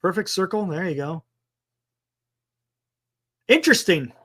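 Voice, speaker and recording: High, lively-voiced man chatting casually. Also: a little slow. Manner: rambling, thinking aloud, mild swearing. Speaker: sports talk livestream host. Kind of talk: casual livestream chat.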